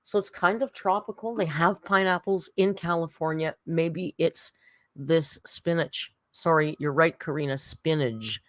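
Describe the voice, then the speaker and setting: Low-voiced woman reacting on a stream, wry, swears a bit, dry close mic. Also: fairly even intonation, normal speed, a bit bright, no echo. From Canada. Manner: wry, swearing, reads super chats aloud. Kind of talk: casual reaction stream chat.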